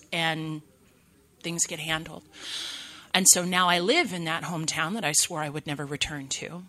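Low-voiced woman sharing her recovery story. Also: pushed and bright. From California. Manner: candid, self-deprecating humor. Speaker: speaker at a recovery meeting. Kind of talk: personal recovery testimony.

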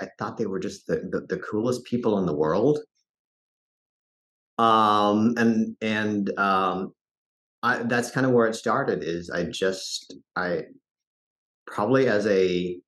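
A man from Colorado, an actor and director, telling stories in an interview with a groggy early-morning voice, halting with many restarts. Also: fairly low pitch. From Fort Collins, Colorado, USA. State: early morning voice, lower than usual. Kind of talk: casual interview storytelling.

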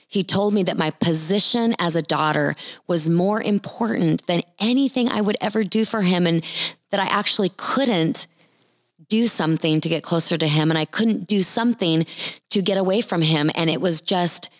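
Low-voiced woman giving an earnest sermon, dragging out the big words, dry close sound. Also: no echo. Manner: earnest, slows down to stress key words. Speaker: preacher.

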